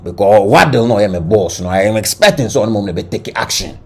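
A man with a Ghanaian accent giving animated entertainment-news commentary, switching between Twi and English. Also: lowish voice, quick pace, hardly any pauses, a little hiss or hum. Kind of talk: gossip commentary.

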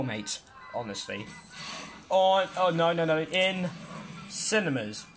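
A reaction host, giving slow, casual commentary on a DVD opening and saying "mate" again and again. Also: medium pitch, sing-song, a little hiss or hum. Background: loud DVD trailer music.

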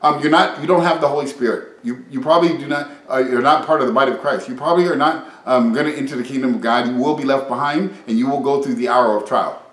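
A man preaching an informal sermon, reading scripture and retelling conversations in a lively, conversational way. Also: medium pitch, quick pace, hardly any pauses, reverberant, low-quality recording.

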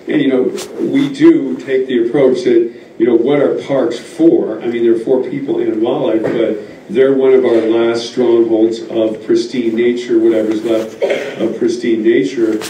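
A wolf biologist speaking plainly at a public meeting, answering questions in a loose, halting way with many fillers. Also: male voice, medium pitch, mellow. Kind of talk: public talk and Q&A. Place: meeting room. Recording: echoey hall from far off, faint noise.

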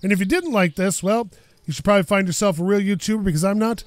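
A man's voice: high voice, fast talker, dry recording. A man chatting casually while playing a car game, rambling and self-deprecating, his voice a bit worn. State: losing his voice. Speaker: gaming YouTuber. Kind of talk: casual gameplay commentary. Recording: noisy game audio behind voice. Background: car engine and game ambience.

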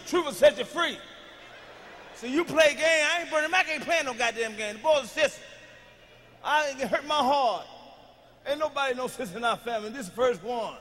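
A man doing a profane stand-up comedy routine, ranting loudly with shouted bursts, recorded on a stage in a large hall. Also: very high-pitched, slight background noise.

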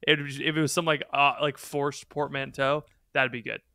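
A man's voice: mid-range voice, level tone, normal speed, creaky, bright, forceful tone, smooth, dry recording, clean studio sound. A man co-hosting a casual podcast chat, joking and riffing with his co-host.

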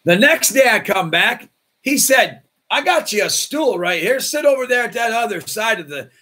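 A male pastor delivers a storytelling sermon in a high voice that leaps up and down. His tone is bright and a little husky. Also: moderate pace. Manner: animated, acts out voices in his stories.

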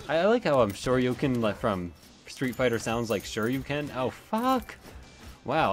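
A man narrates his game run in a loose, chatty way, cursing at enemies and wandering off topic. His voice sits at an ordinary pitch for a man. Faint music plays underneath. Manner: chatty, swears often, rambling asides. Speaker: let's play gamer. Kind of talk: casual gameplay commentary.

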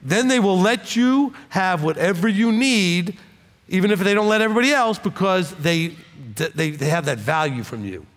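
A man's voice: sits high, animated, moderate pace. A man teaching a congregation, coaching a listener emphatically and repeating his points for weight. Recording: echoey hall with audience.

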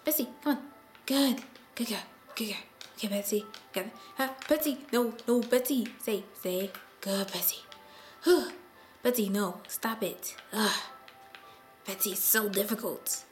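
Slow-talking woman narrating her game. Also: medium pitch, soft background music. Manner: chatty, sighs often, talks to her game animals. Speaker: gameplay video host. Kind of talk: casual gameplay commentary.

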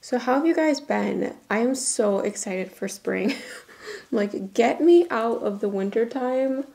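A woman's voice: a little high, lively intonation, unhurried, gravelly, dark tone. A young woman chatting casually through her makeup routine at home, giggly and full of "like". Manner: chatty, giggly, uses "y'all" and "like" often. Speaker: beauty vlogger. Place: home bathroom.

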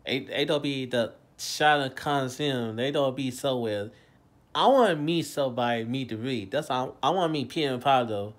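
A man in his late twenties rambling in a casual monologue, repeating himself, his voice swinging between loud bursts and low mumbles. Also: moderate pace. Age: late 20s. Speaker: vlogger.

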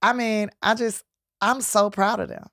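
A woman's voice: medium pitch, fairly even intonation, a little slow, fairly bright tone, no room sound, clean studio sound. Playful woman comedian chatting. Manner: playful, joking, earnest. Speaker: podcast guest, comedian. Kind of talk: casual chat.

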